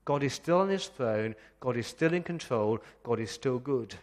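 A man's voice: medium pitch, expressive, a little mellow. Earnest male pastor in a reverberant hall. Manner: earnest, slows down to read scripture. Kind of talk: sermon. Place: church.

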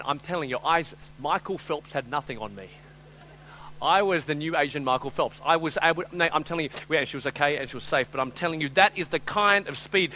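Lively, bright-voiced storytelling male pastor. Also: on the high side, a little hiss or hum, low-quality recording. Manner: storytelling with acted-out voices, swings between loud and hushed; conversational, repeats "I'm telling you" and "right?". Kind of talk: sermon.

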